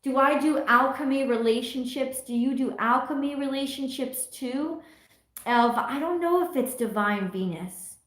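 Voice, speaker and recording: Reading viewer comments aloud with frequent laughs, a middle-aged woman chats casually on her tarot livestream. She has a high, slightly bright voice and a moderate pace. The recording has an echoey room sound.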